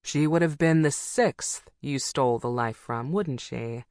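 A woman narrator voicing an icy-eyed older woman who hunts monsters, speaking calm, courteous and dry in an audiobook. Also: extremely low pitch, a little slow, no echo. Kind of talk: audiobook character voice.

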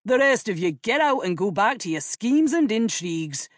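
A woman voicing a commanding young king who speaks in loud, imperious orders. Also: mid-range voice, sing-song, moderate pace, dry recording, studio quality, voice pushed up, natural voice. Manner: blustering, imperious. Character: King James, commanding young royal man.

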